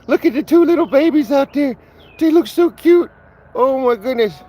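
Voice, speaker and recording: A man voicing a hungry, friendly cow that pleads for food and gushes in a high voice. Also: lively intonation, normal speed, dark tone. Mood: pleading, gushing. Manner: high, gushing, sing-song.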